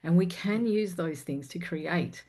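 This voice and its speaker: A woman guest, a confidence coach and performer, telling personal stories candidly in a podcast interview, animated and frank, with some casual swearing. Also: fairly low pitch, a little slow. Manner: animated, swings loud and soft while retelling a story.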